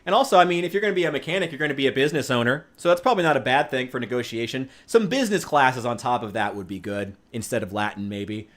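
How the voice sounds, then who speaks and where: A man's voice: medium pitch, lively intonation, fast talker, few pauses, a bit bright. A man chatting casually while streaming a game, ranting with profanity and sarcasm. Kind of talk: casual gaming stream chat.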